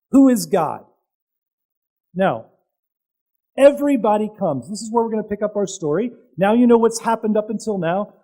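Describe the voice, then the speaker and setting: A man preaching a sermon to a congregation, telling the story with dramatic pauses, loud peaks and casual asides to the audience. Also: extremely high pitch, low-quality recording.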